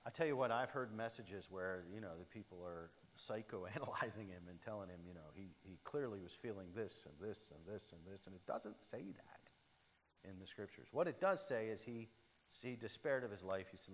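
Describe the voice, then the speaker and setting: A man's voice: lowish voice, animated, moderate pace. A man giving a conversational sermon with many fillers and restarts. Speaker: preacher. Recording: reverberant hall.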